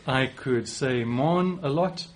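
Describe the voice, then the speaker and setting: A man's voice: medium pitch, animated, normal speed, a little mellow, slight background noise. A man in his forties with a South African accent, giving a conversational sermon with occasional restarts and light self-deprecating humor. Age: 40s. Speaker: preacher.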